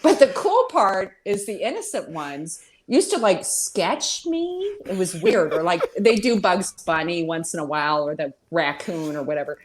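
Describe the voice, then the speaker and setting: A woman's voice: fairly low pitch, sing-song, normal speed, few pauses. A woman who works in radio, a podcast guest telling self-deprecating stories in casual chat and laughing often.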